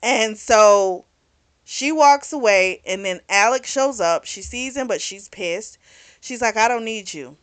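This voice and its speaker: Woman, book reviewer, casual recap, blunt, swears freely, animated, mid pitch. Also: slow. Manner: blunt, profane, talks back at the characters; animated storytelling with lots of fillers.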